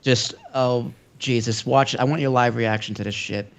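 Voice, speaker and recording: A man's voice: mid-range voice, steady tone, moderate pace, vocal fry. A man co-hosting a podcast, rambling and stammering through a laughing casual chat. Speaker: podcast co-host.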